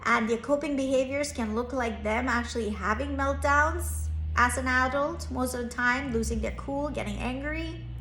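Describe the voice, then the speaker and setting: A woman's voice: a little high, fairly bright tone, echoey room, slight background noise. A woman in her thirties, a therapist and parenting coach, telling a personal story in an earnest, reflective way, lifting her voice when she acts out quoted lines.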